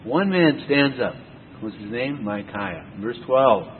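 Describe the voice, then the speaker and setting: A man preaching a verse-by-verse Bible sermon, breaking in with rhetorical questions and lively asides. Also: medium pitch, slow, a little hiss or hum. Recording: tinny phone-like sound in a reverberant hall.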